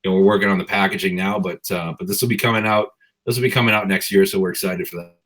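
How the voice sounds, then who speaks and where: A man co-hosting a casual talk, speaking relaxed and hedging with fillers. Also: low-pitched, quick pace. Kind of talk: casual chat.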